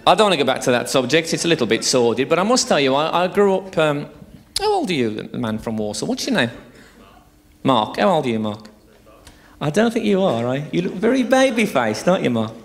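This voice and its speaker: Crude stand-up man, lively pitch. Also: a little fast, creaky. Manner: crude, chatty, teasing the audience. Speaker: stand-up comedian. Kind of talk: live stand-up routine. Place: theatre stage. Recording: live show with audience laughter.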